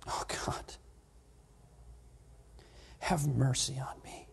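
A man's voice: mid-range voice, fairly even intonation, very slow, vocal fry, husky, whispered, full character voice. A man voicing a remorseful tax collector who begs for mercy in a desperate, broken plea. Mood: broken whisper.

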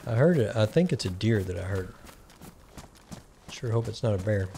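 A man's voice: lowish voice, animated, moderate pace, gravelly, warm tone, a little hiss or hum. Man rambling through gameplay commentary. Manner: rambling, thinking aloud while playing. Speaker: gaming channel host.

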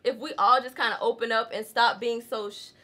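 A young Southern woman talks straight to her camera from home in a loose, candid way, full of asides to her viewers. Her voice is bright and sits a little high for a woman. Her country accent comes through plainly. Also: steady tone, brisk. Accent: Southern American. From Southern United States, rural. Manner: chatty, candid, frequent laughs, says y'all. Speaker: vlogger. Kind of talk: casual chat to camera.

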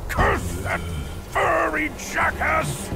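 An actor playing a coarse, menacing demon guard in a video game, with a gruff, barking manner. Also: male voice, very high voice, wildly swooping pitch, drawn-out words, heavily acted. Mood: disgusted. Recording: game audio under loud music.

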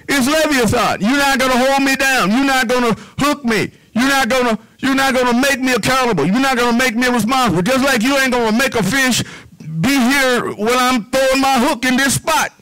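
High bright-voiced preaching man. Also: moderate pace, low-quality recording. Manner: preaching with repetition, drops to a low hush on "whisper". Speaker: pastor. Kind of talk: sermon.

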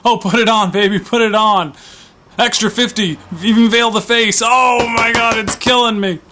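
Dude doing a leering club customer, all breathless and worked up, voice pushed high. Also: male voice, steady tone, normal speed, sharp tone, soft background music. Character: excited male strip club customer.

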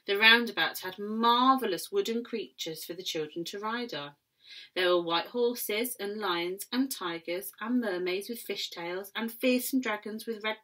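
Female teacher reading aloud to children, expressive with hushed asides. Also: mid-range voice.

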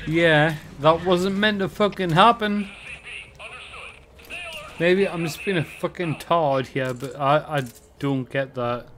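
A man casually commenting on his own gameplay, swearing a lot with loud frustrated outbursts. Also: fairly high pitch, takes it slowly, a little hiss or hum. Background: game sounds.

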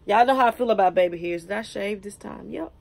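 Talking fast in a medium-pitched voice that's gravelly yet a little mellow, a US woman in her thirties reviews wigs on camera. Her casual vlog chat is full of jokes and self-teasing.

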